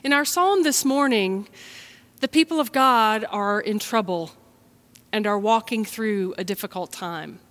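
A woman from the United States, a pastor, giving a gentle, unhurried children's message and sermon for an online service. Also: medium pitch.

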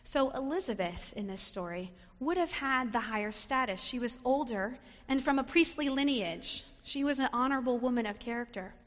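A woman's voice: on the high side, lively intonation, moderate pace, hardly any pauses. A woman preacher giving a reflective sermon, sometimes acting out short quoted lines. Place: church sanctuary. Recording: long reverb of a sanctuary.

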